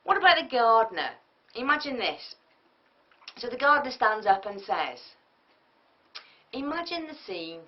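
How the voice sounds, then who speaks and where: A woman giving a business tutorial, lively and often acting out example speakers. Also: fairly high pitch, moderate pace, long pauses. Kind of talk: tutorial lecture. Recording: muffled lo-fi audio from a distance.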